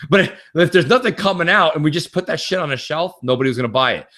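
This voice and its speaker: Brief: male podcast co-host, lively and profane, a touch high-pitched. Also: fast talker. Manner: animated, profane, acts out quotes. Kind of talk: casual gaming chat.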